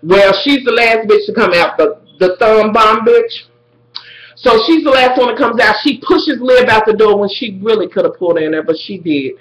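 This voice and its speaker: A man's voice: high-pitched, moderate pace, a bit bright, roomy sound, low-quality recording. A man recapping a TV episode casually to his viewers, dramatic and profane. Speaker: TV recap vlogger.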